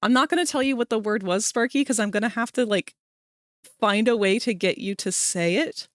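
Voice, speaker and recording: A woman's voice: on the high side, brisk, no echo, studio quality. A woman streamer chatting casually while she works live, telling rambling stories and talking to her viewers. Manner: chatty, rambling storyteller, talks to chat viewers.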